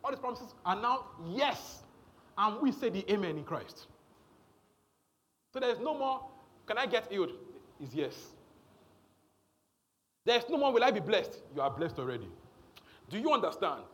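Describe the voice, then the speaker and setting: A man's voice: high-pitched, very animated, normal speed, long pauses, fairly bright tone. A man preaching a sermon, emphatic and repetitive, often checking in with the congregation.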